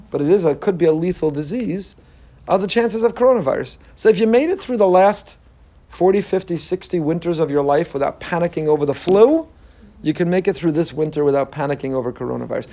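A man's voice: lively intonation, quick pace, mellow. A man, a rabbi giving an emphatic Torah class, reading Hebrew text aloud and translating it. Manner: emphatic, rises in pitch when making a point.

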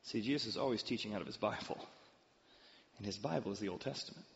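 A male pastor telling a story in a sermon, with an animated, dramatic delivery. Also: fairly low pitch, fast talker, gravelly, slight background noise. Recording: dull, long-reverb hall sound.

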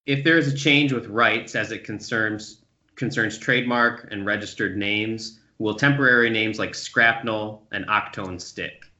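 A man's voice: fairly low pitch, unhurried, pushed and bright. A man hosting an interview, reading out listener questions and answering with brief affirmations. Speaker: interview host. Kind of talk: conversational interview. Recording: lo-fi audio.

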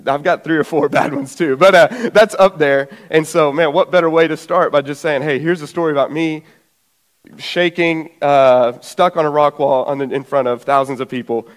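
A man in his twenties preaching a sermon, telling a lively personal story and acting out his family's voices, a little out of breath. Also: a little high, normal speed. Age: 20s.

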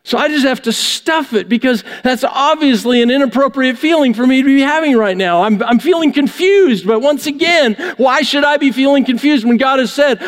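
A man with a high voice delivers a sermon from the pulpit, driving his message home with rhetorical questions. His words ring out with a long reverb across the church hall. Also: expressive, fairly quick, hardly any pauses. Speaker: pastor. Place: church sanctuary.

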